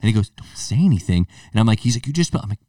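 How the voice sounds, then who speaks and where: A low-voiced man co-hosts a casual podcast and acts out the people in his stories. His voice sounds dry, and he sits a little back from the mic. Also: rapid-fire, dry recording, distant mic. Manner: animated storyteller acting out voices. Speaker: podcast co-host. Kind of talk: casual chat.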